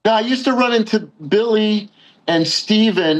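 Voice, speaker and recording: A man's voice: high voice, normal speed, rough recording. A man, a guest on a call-in talk show, talking in a hesitant, agreeable way with many fillers. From Long Island, New York. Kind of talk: casual chat. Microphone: phone call.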